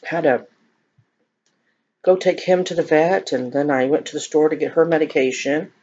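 A woman's voice: low-pitched, normal speed, a little mellow, slightly rough. A middle-aged woman chatting casually to viewers while eating, joking about herself. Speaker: mukbang vlogger. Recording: dull lo-fi home recording.

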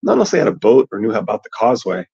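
Man plays frightened proud boy prince, raised pitch, lively delivery. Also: rapid-fire, breathy edge, full character voice. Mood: anxious. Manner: lightly raised boyish voice. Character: crippled boy prince, scared but proud. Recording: dull lo-fi recording.

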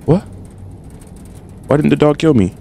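A man's voice: on the high side, measured pace, creaky, a little hiss or hum. A young man doing casual, trash-talking commentary while playing a game. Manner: animated, trash-talking, slangy. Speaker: gaming streamer.

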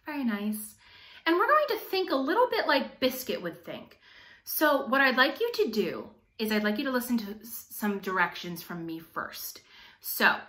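Upbeat young woman teaching kids, lively high voice, echoey room. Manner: upbeat, addresses children directly. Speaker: teaching artist. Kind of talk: children's storytime and activity lesson.

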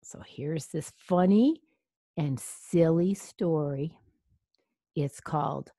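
A woman reading a children's picture book aloud, gently explaining the story to a young listener. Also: low-pitched, takes it slowly, pauses often, breathy edge, dry recording, clean studio sound.

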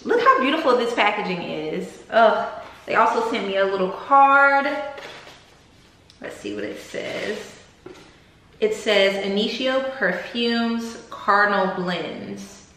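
A woman's voice: medium pitch, animated, slow, bright, forceful tone. A young woman vlogger chatting casually and gushingly to camera while unboxing gifts, saying "like" and "y'all" a lot. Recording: echoey room with faint noise.

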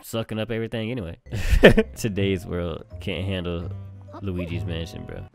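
A young man talks his way through a video game in loose, slang-heavy banter, swearing often. His pitch runs fairly low, yet it swings widely when he gets worked up. Game music plays clearly behind him. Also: expressive, moderate pace. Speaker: gamer commentator. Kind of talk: casual let's-play commentary.

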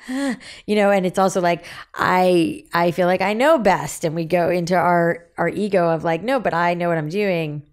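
A woman in her forties speaking candidly as a podcast guest, telling stories animatedly and acting out quoted dialogue. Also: fairly low pitch. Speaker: guest, business founder.

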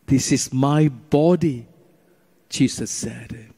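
A middle-aged man, a priest, preaching slowly and emphatically during Eucharistic adoration, with long pauses between phrases. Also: medium pitch, warm tone, husky. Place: church or retreat chapel. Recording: long hall reverb.

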